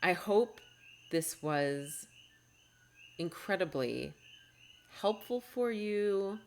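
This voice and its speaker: A woman's voice: on the low side, expressive, drawn-out words, a little mellow, slight background noise. A woman hosting a podcast as a test-prep coach, talking in a heartfelt, encouraging way and often restarting her sentences. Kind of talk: earnest podcast monologue.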